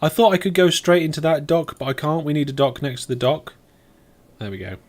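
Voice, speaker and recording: A man's voice: on the high side, expressive, brisk. A man streaming a game live, thinking aloud as he plays and chatting back to his viewers. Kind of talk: live let's play commentary.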